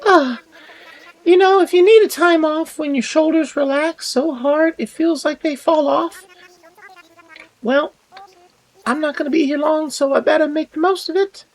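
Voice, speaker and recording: A man's voice: very high voice, a little slow, pauses often, pitched above the performer's own voice, rough recording. A man voicing a laid-back young female koala villager in a game, with an attempted Australian accent that drifts. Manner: breezy, drifting put-on accent.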